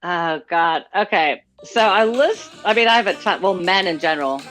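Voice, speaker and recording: A woman comedian from North Carolina, bubbly and animated, ranting about pet peeves on a podcast. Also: lowish voice, moderate pace, soft background music. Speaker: comedian guest.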